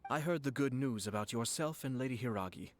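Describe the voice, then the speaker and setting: An actor playing a courteous, formal young nobleman in a video game, speaking with calm reassurance. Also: medium pitch, fairly quick, close to an everyday voice. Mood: gracious. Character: polite, gracious young nobleman commissioner.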